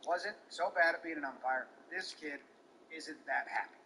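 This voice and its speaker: A man's voice: a little high, moderate pace, pushed and bright, a little hiss or hum, poor audio. A man giving casual, heated play-by-play of a baseball game, swearing and mocking an umpire. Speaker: baseball commentator.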